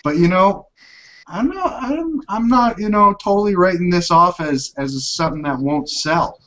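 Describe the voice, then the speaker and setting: Guy hosting a tech chat show, fairly high voice, upbeat and rambly. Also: lively intonation, moderate pace, a bit bright, low-quality recording. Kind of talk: casual tech podcast chat.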